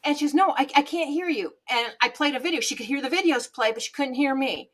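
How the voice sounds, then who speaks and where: Lively woman telling stories on a webcam mic. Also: high-pitched, fast talker. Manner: lively, laughs often, acts out quoted dialogue. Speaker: guest, TV show host and business owner. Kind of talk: casual interview storytelling. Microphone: webcam microphone.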